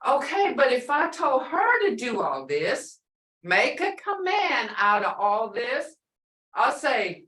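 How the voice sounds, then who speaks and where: Lively high-voiced woman teaching slowly. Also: roomy sound, far from the mic, rough recording. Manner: playful, laughs often, repeats phrases. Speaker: language instructor. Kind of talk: online class teaching.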